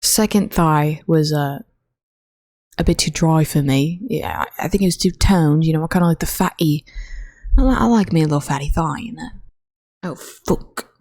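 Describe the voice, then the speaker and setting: Young woman podcaster, low and mellow, rambling and profane, flat bored delivery, dry close mic. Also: normal speed, dry recording. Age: young adult. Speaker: college student podcast host. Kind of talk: casual solo podcast monologue. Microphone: own desk microphone.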